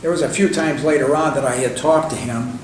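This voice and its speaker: A man's voice: fairly high pitch, fairly even intonation, a little fast. Older man telling stories in an echoey room. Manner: loose and conversational, many fillers and restarts. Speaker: interview guest. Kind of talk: rambling anecdotal storytelling. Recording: echoey room, distant mic, faint hiss.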